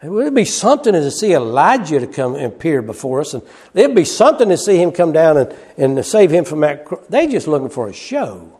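A man preaching a sermon. He swings from loud, high cries to hushed low asides, repeating phrases and chuckling as he goes. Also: sing-song, a little fast, husky.

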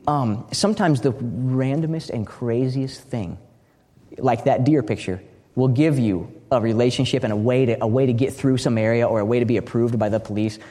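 A man from the United States giving a teaching talk in a large hall, a lively storyteller who often restarts and repeats his words. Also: mid-range voice, moderate pace. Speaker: speaker at a training session. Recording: long reverb of a big hall.

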